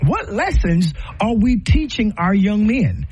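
A man's voice: high voice, big pitch swings, measured pace, a little mellow, breathy edge, lo-fi sound. A man giving an impassioned, preaching-style talk full of rhetorical questions, his voice rising and falling sharply. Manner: passionate, rhetorical questions, rises and falls sharply. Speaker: speaker on parenting.

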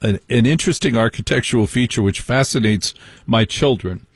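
A man's voice: mid-range voice, a little fast, slightly rough, no room sound. A man hosting a late-night call-in radio show in a chatty, joking way, talking into a studio mic. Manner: chatty, joking, asides and laughs. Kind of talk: casual call-in radio chat.

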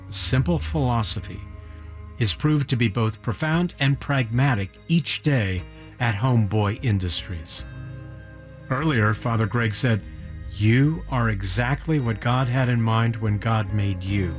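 A man hosting an interview, asking thoughtful, earnest questions and reading measured narration. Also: mid-range voice, faint music behind. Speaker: interview host.

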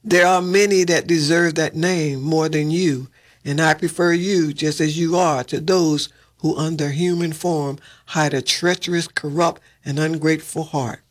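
A man reading as a sorrowful gentle beast. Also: a little high, steady tone, measured pace. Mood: gentle pleading. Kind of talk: storybook read-aloud.

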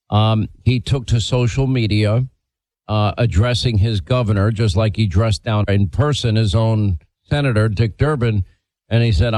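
A man's voice: fairly low pitch, a little mellow, no room sound, rough recording. A man hosting a talk radio show, reading a statement and interviewing a guest in an emphatic, opinionated way.

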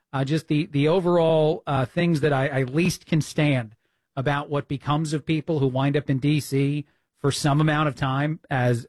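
A man's voice: on the high side, a little mellow, dry recording. A man filling in as a talk radio host, delivering an opinionated monologue with frequent "uh" fillers and restarts, sounding indignant. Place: radio studio. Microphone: studio mic.

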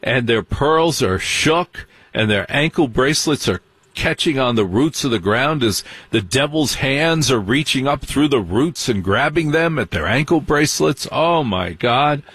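A man telling a long comic story in stand-up style, sardonic and animated, with mocking asides. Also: mid-range voice, a little slow, slightly rough, no room sound. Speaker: comedian.

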